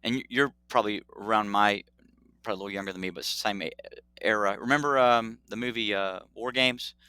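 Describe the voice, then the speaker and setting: A middle-aged man tells the story of his medical work in an easy, animated way, slipping into quick dialogue. His voice sits a bit low but sounds bright, and it is recorded close and dry. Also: smooth, dry recording. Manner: animated, acts out dialogue, laughs often. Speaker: pediatric urologist guest. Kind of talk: casual storytelling interview.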